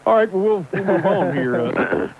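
A man's voice: high voice, expressive, normal speed. A man putting on a bumbling truck driver reporter. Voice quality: gruff, keeps clearing throat, rambling drawl. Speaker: guest character in comedy bit. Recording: tinny lo-fi radio broadcast, faint hiss.

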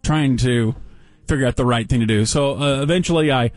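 A man telling a story on a casual talk show, wry and deadpan, with dry sarcasm. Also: mid-range voice, fairly quick, dry recording, soft background music.

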